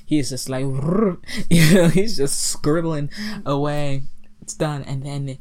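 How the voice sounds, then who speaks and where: A woman's voice: low voice, slow pace. A woman casually retelling a movie plot, giggling often and filling with "like" and "um". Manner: giggly, animated storytelling with many fillers. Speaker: podcast co-host recapping a movie. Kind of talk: casual chat.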